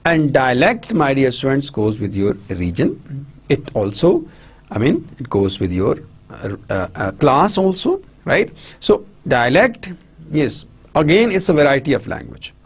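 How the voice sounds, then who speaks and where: Man, Pakistani English accent, lecturer, husky and gravelly, lively pitch, keeps asking if it is clear. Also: unhurried. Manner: repetitive, checks understanding often, many restarts. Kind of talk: recorded university lecture.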